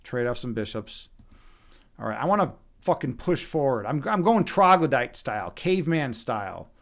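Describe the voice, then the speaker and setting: A young Chicago streamer with a Chicago accent commentates live on his own chess games, swearing freely as he reads chat. His voice is mid-range and gravelly, at a moderate pace, and he's animated, talking to chat while he plays.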